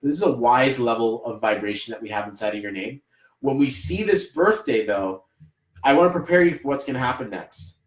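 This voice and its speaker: A man's voice: medium pitch, lively intonation, a little fast, reverberant, low-quality recording. A man with a Canadian accent doing a live numerology reading, rambling and encouraging, with many fillers. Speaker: numerology reader. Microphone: livestream camera mic.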